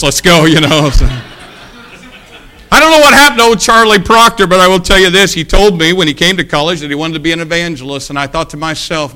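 Middle-aged male preacher, animated sermon storyteller, bright tone, slightly high pitch. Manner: animated, breaks into loud shouts.

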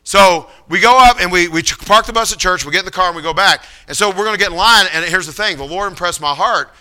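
A man preaching, spinning a personal story with animated, conversational energy. His voice is very bright and ringing, smooth and clean, sitting a touch high for a man. He restarts phrases and repeats himself as he builds the tale. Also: fast. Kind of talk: sermon storytelling.

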